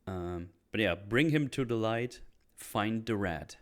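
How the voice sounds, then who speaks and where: This podcast host speaks slowly in a fairly low voice with lively intonation. He wanders through a movie one scene at a time, stumbling over fillers and restarts while cracking self-deprecating jokes in an easygoing, chatty way.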